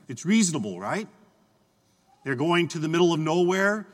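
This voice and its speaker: A man's voice: a little high, big pitch swings, normal speed, pauses often. A man preaching a homily as a priest, talking in a conversational storytelling way that voices people's imagined thoughts. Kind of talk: sermon. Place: church. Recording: reverberant church hall.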